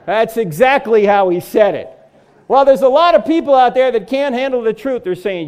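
Middle-aged guy cracking jokes through a lecture, high voice that swings all over the place. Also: lively intonation, moderate pace, darkish tone, clean tone. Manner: joking, punchline-driven delivery. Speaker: Christian apologetics speaker. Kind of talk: humorous lecture to a live audience.

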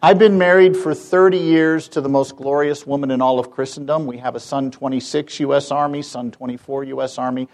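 A man's voice: mid-range voice, fairly even intonation, brisk, few pauses, background noise. A man in his fifties from the United States, giving a persuasive public talk with rhetorical questions and wry humor. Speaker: public speaker and campus debater.

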